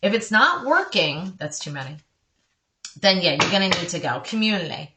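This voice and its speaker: A woman's voice: fairly low pitch, very animated, moderate pace, bright, forceful tone, slight background noise. A woman doing a casual tarot reading for her viewers, chatty and reassuring, breaking off often for apologetic asides. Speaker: tarot card reader.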